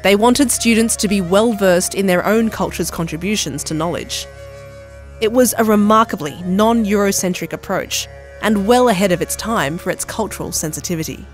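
A man with a notably high voice reads documentary narration in a measured, earnest tone. Faint music plays softly behind him.

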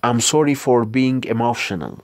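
A man with an Ethiopian accent, a native Amharic speaker, teaching English by slowly and carefully repeating model phrases. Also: medium pitch, animated, dry recording. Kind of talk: language lesson.

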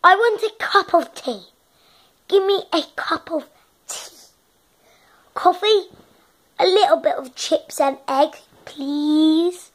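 A man's voice: very high voice, fairly even intonation, extremely slow, hardly any pauses, heavily acted. A young man voicing a boastful posh English man who brags about getting into a top university. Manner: puts on a posh accent, brags loudly.

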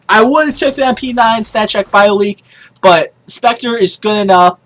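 A woman doing casual gaming commentary who swears a lot and breaks into excited shrieks and yells. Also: mid-range voice, unhurried, poor audio. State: yelling in excitement. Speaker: gaming streamer.

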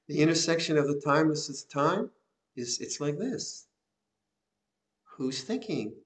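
Older man, Buddhist teacher, unhurried reflective sermon, soft chuckles, slightly raised pitch. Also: expressive. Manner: gentle, reflective, with soft laughs and repeated phrases. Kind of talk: Dhamma talk. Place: monastery hall.

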